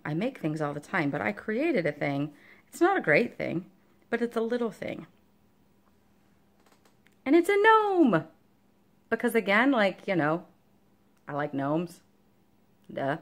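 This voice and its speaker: Chatty woman with a gravelly low voice. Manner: chatty and rambling, many fillers; talks to her dog between topics. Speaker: cross-stitch vlogger. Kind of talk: casual show-and-tell chat.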